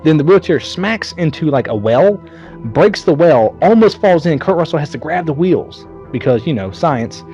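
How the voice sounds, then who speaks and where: A man's voice: a little high, animated, moderate pace, darkish tone, muffled recording, faint music behind. A man co-hosting a podcast, retelling a movie in casual chat, swearing freely and putting on mocking voices for the characters. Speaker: podcast co-host.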